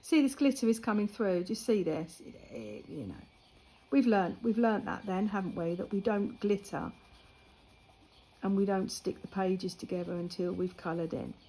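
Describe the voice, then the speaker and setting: A woman's voice: medium pitch, moderate pace, slightly rough, poor audio. An older woman, chatting casually and telling a story while she colours, acting out the lines of the people in it. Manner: chatty storytelling with lively retold quotes. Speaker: vlogger.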